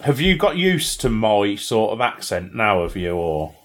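A man's voice: fairly low pitch, sing-song, measured pace, a bit bright. A British man, co-hosting a casual chat, teasing and full of tag questions. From Britain. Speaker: podcast co-host.

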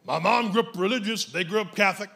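A man's voice: high voice, quick pace, vocal fry, sharp tone, voice pushed down, exaggerated voice. A man doing an offhand young dating-show guy. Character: young male dating-show contestant, casual and noncommittal.

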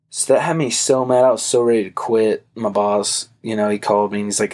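A man's voice: fairly low pitch, fairly even intonation, a little fast, darkish tone. Casual young man telling a work story. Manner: loose, profane storytelling with frequent fillers. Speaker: podcast host. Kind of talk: casual chat.

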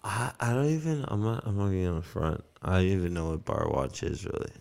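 Man, podcast co-host, lively storyteller, cusses freely, smooth low-ish voice. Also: brisk. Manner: animated storyteller, swears a lot, acts out quotes. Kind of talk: casual chat.

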